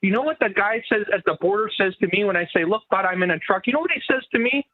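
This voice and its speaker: A man's voice: sits high, fast. A man calling into a talk show, rambling and stumbling over his words with constant "you know"s. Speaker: phone-in caller. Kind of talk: call-in talk show chat. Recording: tinny phone line.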